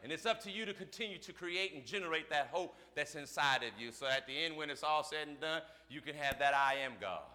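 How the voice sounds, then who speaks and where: Male pastor preaching in a church service, rhythmic and repetitive, with a very bright timbre. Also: a little high, expressive, brisk, few pauses. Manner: rhythmic call-and-response preaching with repeated phrases. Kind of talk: sermon.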